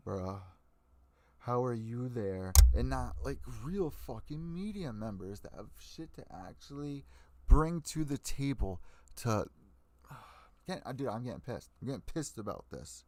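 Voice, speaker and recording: Young male MMA podcast host, profane and fired up, medium pitch, very dry close sound. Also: animated, moderate pace, warm tone, dry recording. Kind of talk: ranting live stream commentary.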